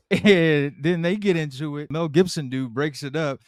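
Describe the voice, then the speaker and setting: A man co-hosting a podcast, chiming in with quick agreements and recapping scenes in a relaxed, playful way. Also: on the high side, dry recording, studio quality. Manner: relaxed, short agreeing replies, playful asides. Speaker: podcast co-host. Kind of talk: casual recap chat.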